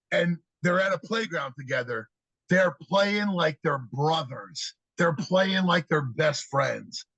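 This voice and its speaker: A man guest on a podcast, telling lively stories about kids and acting out their replies in an energetic, conversational way. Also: a little high, husky, no echo, poor audio. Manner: animated storyteller, acts out kids' answers. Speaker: podcast guest, youth speaker. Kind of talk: storytelling interview talk.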